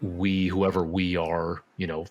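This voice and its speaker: The recording is muffled as this man, a musician and actor guesting on a podcast, speaks low, a little slowly, with little pitch movement and a darkish tone. His casual chat rambles, packed with fillers and restarts.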